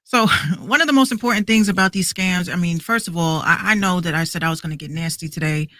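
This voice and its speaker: Podcast host, woman in her 30s, bright dry voice, heated swearing rant. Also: on the low side, fast, no room sound. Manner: heated, repetitive, swearing rant with many restarts.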